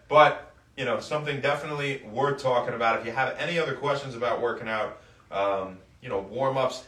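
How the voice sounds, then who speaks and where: A young man hosting a casual fitness livestream, explaining warm-ups and giving upbeat shout-outs to viewers. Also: mid-range voice, slightly rough. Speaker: fitness host.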